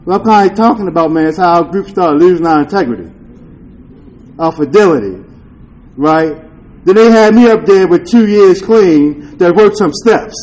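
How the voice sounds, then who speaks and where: A man with a notably high voice shares a candid testimony at a recovery meeting. He talks in loose street slang, swears freely, and keeps checking in with "you dig?" His tone is earnest and confessional. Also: expressive, normal speed, a little mellow, low-quality recording. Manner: earnest and confessional, with rueful laughs. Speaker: speaker sharing at a recovery meeting.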